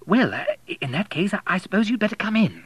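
A man's voice: sits high, big pitch swings, fast, a bit bright, breathy edge, dry recording, voice pushed up, exaggerated voice. A man putting on a flustered, plump vicar's wife. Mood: polite, flustered. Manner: flustered, hesitant. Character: plump, pink-cheeked, smiling vicar's wife.

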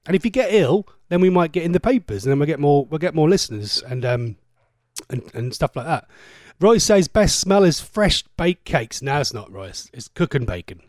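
A man hosting a radio show, chatty and cheeky, with a lively voice that swoops up and down. He rambles, restarts his sentences and stammers over words. The studio sound is close and dry, with no room echo. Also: fairly high pitch, normal speed. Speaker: radio presenter. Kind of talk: casual radio chat reading listener messages.

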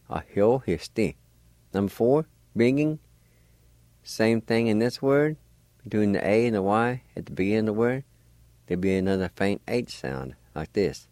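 A man teaching a slow radio language lesson, spelling words letter by letter. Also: fairly low pitch, animated, a little mellow, dry recording.

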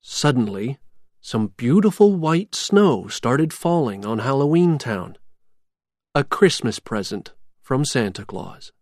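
Slow, expressive storybook narrator. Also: medium pitch, no echo, clean studio sound. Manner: slow, clear, expressive reading. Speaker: audiobook narrator. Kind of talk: graded reader storybook narration.

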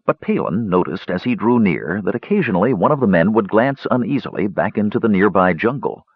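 Male fantasy audiobook narrator, low and husky, lively delivery, dull dry audio. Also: a little fast, dry recording. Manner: expressive storytelling.

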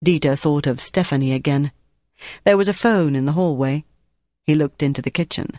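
A narrator reading a novel in steady, scripted storytelling. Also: medium pitch, normal speed, no echo, studio quality. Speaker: audiobook narrator.

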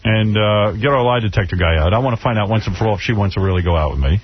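A man's voice: fairly low pitch, very fast, no echo. A male radio host in casual studio banter, telling wry, self-mocking stories. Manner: wry, self-mocking storyteller, slips into mimicry. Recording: dry, dull lo-fi radio broadcast.

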